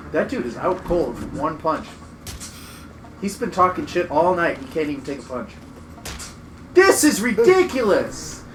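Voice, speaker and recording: A man's voice: on the high side, big pitch swings, measured pace, pauses often, fairly bright tone, a little hiss or hum. A man streaming a video game with a friend, joking and going on mock rants. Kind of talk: casual gaming commentary.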